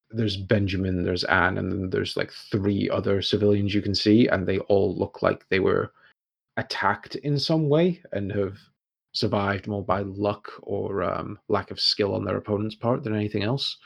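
Gravelly low-voiced man narrating a game. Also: steady tone, moderate pace. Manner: loose, conversational narration with fillers. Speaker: game master.

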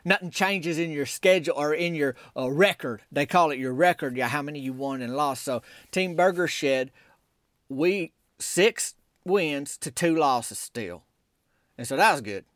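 A man with a drawl hosts his podcast, telling comic stories that meander along. His voice sits a touch high and his delivery stays folksy and deadpan. The sound is dry and close, with no room around it. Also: a little slow, no room sound. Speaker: podcast host. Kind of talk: rambling comic storytelling.

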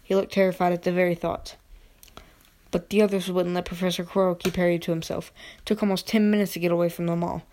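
A woman reading a children's novel aloud at an unhurried pace, now and then stumbling and restarting a word. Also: on the low side, little pitch movement, darkish tone, slight background noise. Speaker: reader. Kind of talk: amateur audiobook reading.

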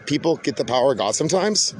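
A man's voice: medium pitch, expressive, fast talker, a little hiss or hum. A man hosting a podcast in a rambling, casual monologue, laid-back and swearing often, calling people "dude". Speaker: podcast host.

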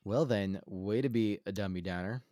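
A man's voice: on the low side, normal speed, warm tone, no echo, studio quality. A young man from the Central Coast of California, co-hosting a podcast in casual, self-deprecating, joking chat. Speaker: podcast co-host.

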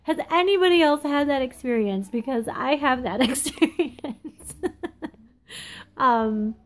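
A woman in her thirties shares her thoughts in a loose, confessional monologue. Her voice sits a little on the high side. She stops often to find her words, filling the gaps with ums and quick asides. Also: animated. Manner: candid, confessional, halting with many ums. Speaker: podcast host. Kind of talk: casual reflective monologue. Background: phone texting interruptions.

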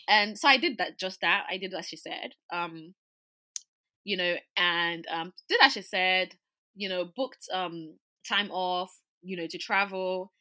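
A young woman tells a story from her own life in an easygoing, animated way. Her voice is bright and sharp-edged, and she keeps the talk rolling with casual fillers. She sounds relaxed and conversational throughout. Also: fairly low pitch, measured pace. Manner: animated, chatty, lots of "like" and "you know".

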